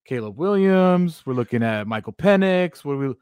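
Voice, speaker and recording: A man's voice: fairly high pitch, lively intonation, moderate pace, darkish tone, smooth, no echo. A man co-hosting a sports radio show, joining the chat with teasing, sarcastic banter. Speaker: radio co-host.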